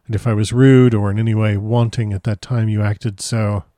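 A grief-stricken young aristocrat speaks in a husky, choked voice, given by a man reading the story aloud. His tone sits low and the sound is dry and close, like a storybook told at one's side. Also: flat delivery, moderate pace, dark tone, no echo, lightly acted. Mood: earnest. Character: grieving young nobleman, broken and tearful. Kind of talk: audiobook character reading.

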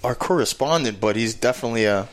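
A man co-hosting a casual podcast, agreeing and chiming in with quick remarks. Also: medium pitch. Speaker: podcast co-host. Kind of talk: casual chat among friends.

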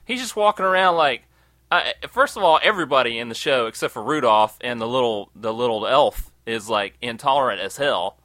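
A man in casual, profane chat, telling animated stories and acting out quotes. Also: mid-range voice, fairly quick, dry recording. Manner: animated storyteller, swears often, acts out quotes.

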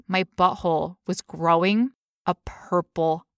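A young woman talks through a story with animated energy and a steady stream of "like". Her voice is bright and forward. The sound is close and dry. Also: medium pitch, normal speed, no room sound. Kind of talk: casual chat.

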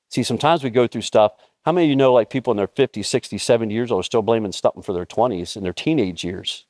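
A man in his fifties preaching a conversational, storytelling sermon with bursts of excitement. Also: on the low side, quick pace, hardly any pauses, no room sound, studio quality. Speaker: pastor.

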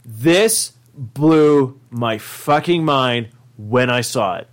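A man co-hosting a podcast, talking casually and excitably, swearing a lot and acting out scenes. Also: medium pitch, drawn-out words. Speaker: podcast co-host. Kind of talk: casual chat.

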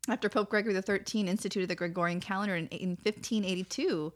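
A woman's voice: mid-range voice, steady tone, fast. A young woman co-hosting a podcast, explaining things in a rambling, casual way full of restarts. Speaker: podcast co-host. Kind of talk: casual chat.

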